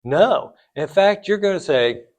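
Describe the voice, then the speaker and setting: A man's voice: sits high, expressive, a little slow. Blunt, talkative male finance lecturer. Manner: conversational, rhetorical questions, blunt asides. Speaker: finance instructor. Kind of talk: lecture to students.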